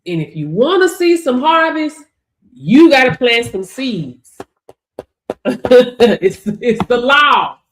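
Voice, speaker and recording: A woman's voice: a little high, very animated, slow, long pauses. A woman hosting a motivational livestream, talking to viewers in a preachy way and laughing often. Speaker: livestream host.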